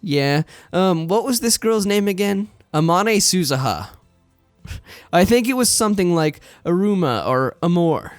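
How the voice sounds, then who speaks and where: Guy reading a game aloud and chuckling between lines, kinda high voice, dry, faint music. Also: big pitch swings, measured pace, no echo. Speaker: game streamer. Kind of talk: casual commentary over a game.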